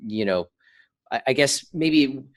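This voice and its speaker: A man's voice: mid-range voice, animated, takes it slowly. A man hosting a podcast interview, asking meandering questions with short affirmations. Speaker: podcast host.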